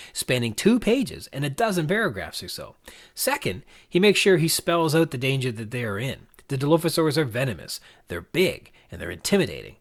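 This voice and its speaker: A man hosting a podcast, talking through a novel's punctuation in a measured, reflective, analytical way. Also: medium pitch. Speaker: podcast host.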